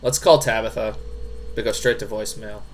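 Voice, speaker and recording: A man streaming a scary game live, reading the characters' lines aloud in shifting voices, jumpy and quick to swear. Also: on the low side, steady tone, slight background noise.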